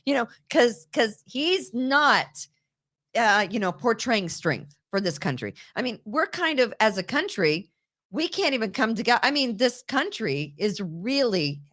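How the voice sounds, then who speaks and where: A woman with a voice on the high side hosts a casual political talk show. She's animated, laughs readily, and often repeats words as she talks.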